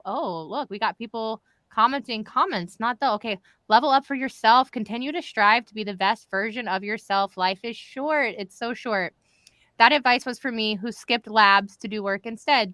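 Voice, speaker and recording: Lebhafte, helle Moderatorin. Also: female voice, on the high side, normal speed, dry recording. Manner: chatty, animated, direct to viewers. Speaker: live show host. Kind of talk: casual livestream chat.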